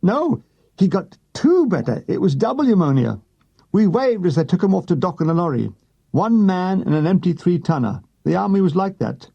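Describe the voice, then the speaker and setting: A male audiobook narrator with a husky, mellow voice, reading a comic war memoir. His intonation swings lively and wide, and he delivers the jokes with dry, unhurried timing. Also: high voice, lo-fi sound.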